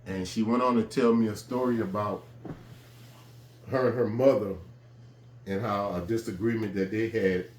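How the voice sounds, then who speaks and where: A man casually telling a personal story in a relaxed, conversational way, with frequent fillers. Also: fairly low pitch, normal speed, long pauses, a little hiss or hum. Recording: roomy echo with faint ambience.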